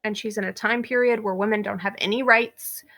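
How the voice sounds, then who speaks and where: Bright-voiced chatty young woman. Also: medium pitch, steady tone, brisk. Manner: chatty and candid, laughs easily. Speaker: podcast co-host. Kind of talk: casual chat.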